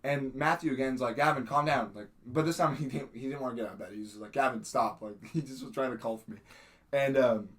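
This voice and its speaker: A young adult man telling a story in casual podcast chat, acting out quotes with sudden shouts. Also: medium pitch, quick pace. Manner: many fillers and restarts, laughing. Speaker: podcast host.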